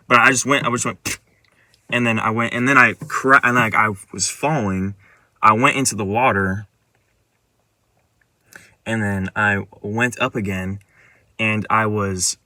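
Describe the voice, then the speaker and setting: A man with a lowish, bright, forceful voice tells a dream in a loose, rambling monologue. He keeps restarting his sentences and leans on filler words. The sound is close and dry. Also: dry recording. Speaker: vlogger. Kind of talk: casual dream retelling monologue.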